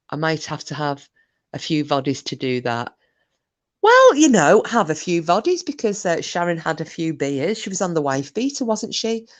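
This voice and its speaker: A middle-aged woman, hosting a casual livestream, reading chat messages aloud and trading cheeky, bawdy banter. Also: low-pitched. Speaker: live stream host reading chat.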